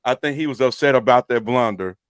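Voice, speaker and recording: A man's voice: medium pitch, brisk, no echo, clean studio sound. Blunt, emphatic man on a sports podcast. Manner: blunt and emphatic, repeats points. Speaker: podcast co-host. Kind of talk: casual sports chat.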